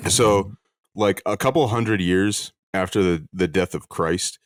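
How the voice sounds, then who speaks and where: A man co-hosting a comedy podcast, deadpan and mock-solemn in casual chat. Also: low-pitched, a little slow, dry recording, studio quality. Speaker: podcast co-host.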